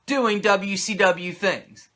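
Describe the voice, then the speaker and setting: Male host, comedic wrestling recap, profane, sarcastic, bright voice. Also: sits high, takes it slowly.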